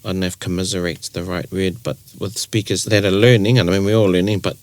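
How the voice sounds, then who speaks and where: A man with a New Zealand accent co-presenting a casual podcast, explaining things in a relaxed way with spoken examples. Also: low voice, fast, dry recording.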